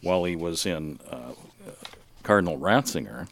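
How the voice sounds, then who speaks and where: A man's voice: deep voice, animated, normal speed. A man hosting a casual Catholic radio talk show, folksy and fond of telling jokes.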